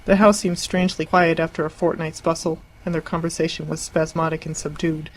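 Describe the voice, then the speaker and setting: An audiobook narrator reading a classic novel in a measured, even storytelling voice. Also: medium pitch, rough recording. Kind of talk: scripted narration.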